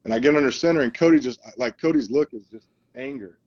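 Man telling animated football stories. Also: mid-range voice, quick pace, dull audio. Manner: animated storyteller, acts out quoted lines. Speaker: guest, football coach. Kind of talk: casual storytelling interview.

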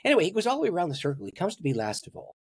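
A man's voice: high voice, wildly swooping pitch, very fast. A man, a pastor and guest, telling a story in an interview and laughing at his own stories.

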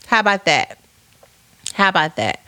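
A woman in her thirties hosting a podcast, reading live comments aloud in a playful, teasing, animated way. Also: medium pitch, moderate pace, no echo. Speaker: podcast host.

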